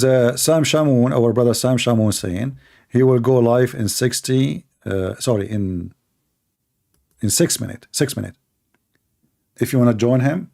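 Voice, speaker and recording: A combative man hosts a live call-in debate stream, mocking his opponents in a heated monologue. His voice sounds hoarse from shouting, with a gravelly, dark, mellow tone. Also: on the low side.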